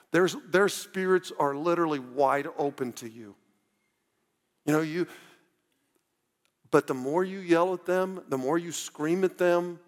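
A man's voice: on the high side, long reverb tail. A man preaching a sermon as a pastor, talking earnestly and directly to his listeners, pleading with them.

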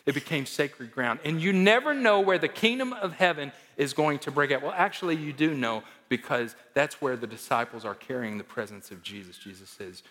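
A man preaching a sermon as pastor, emphatic, swinging between loud declarations and hushed asides. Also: medium pitch, lively intonation, brisk, few pauses, long reverb tail.

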